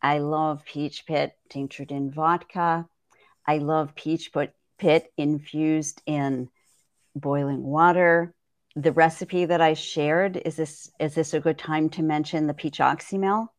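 A woman's voice: deep voice, fairly even intonation, slow pace, no room sound. A woman herbalist guest on a podcast, explaining things thoughtfully and often checking in with "right?". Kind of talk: conversational podcast interview.

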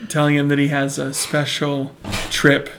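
Gravelly man chatting casually. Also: on the high side, completely flat delivery, measured pace, a bit bright, slight background noise. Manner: chatty, laughs often, acts out lines from scenes. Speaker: podcast co-host. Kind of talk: casual chat recapping a TV episode.

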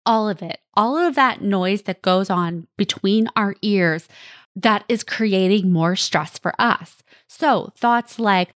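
A woman hosting a parenting podcast speaks in an earnest, direct coaching manner. Her voice sits at a middle pitch, and the dry close-miked sound has no room echo around it. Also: slow pace, a bit bright. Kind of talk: advice monologue.

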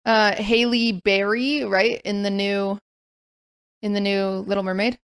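A woman's voice: medium pitch, flat delivery, measured pace, smooth, no echo. A woman hosting a casual chat podcast, talking animatedly and rambling with restarts. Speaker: podcast host.

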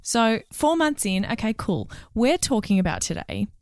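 A woman's voice: on the high side, sing-song, normal speed, a little mellow, no echo, clean studio sound. A woman, a career coach co-hosting a podcast, giving direct advice in casual chat. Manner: direct, advising, explains points in steps.

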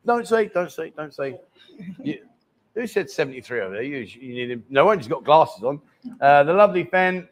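A man's voice: mid-range voice, expressive, normal speed. A man in his fifties hosting a live chat show, joking and teasing guests and viewers in casual banter. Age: 50s.

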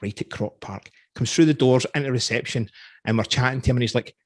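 Husky Scottish man telling rambling stories. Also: medium pitch, quick pace, dry recording. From Scotland. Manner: rambling storyteller, chuckles often. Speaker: podcast host. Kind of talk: casual interview chat.

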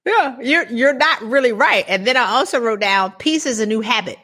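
A woman hosting a podcast interview, laughing often and acting out animated retellings. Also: a little high, moderate pace. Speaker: podcast host. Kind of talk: casual interview chat.

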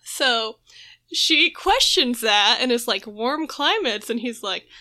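Podcast co-host, woman; high, bright, breezy storyteller who slips into voices for quotes and laughs easily. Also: expressive. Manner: retells scenes with quick voiced quotes, laughs often, swears casually. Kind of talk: casual chat, recapping a comic.

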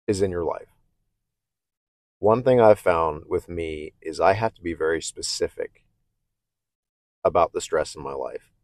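A podcast host with a somewhat low, dark voice delivers a casual self-help monologue, candid and reflective, stammering into restarts and frequently asking "okay?" in a conversational way. The studio sound is clean with no echo.

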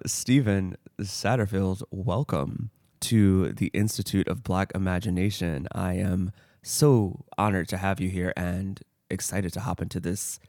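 Man, podcast host, low voice, dry close sound, thoughtful, loose with fillers. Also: a little mellow, dry recording. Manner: thoughtful, with frequent fillers and restarts. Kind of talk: conversational interview.

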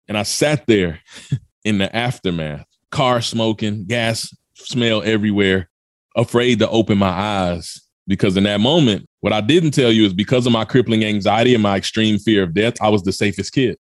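A man's voice: medium pitch, normal speed, dry recording, studio quality. A man from Memphis, telling a story as a podcast guest with urgent, emphatic energy. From Memphis, USA. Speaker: podcast guest, motivational speaker. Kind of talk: dramatic personal storytelling.

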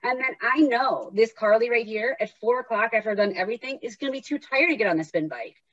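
A woman's voice: a little high, quick pace, fairly bright tone, dry recording. Chatty woman, dry muffled sound. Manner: chatty storyteller, acts out inner voices. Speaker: podcast host. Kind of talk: casual conversation.

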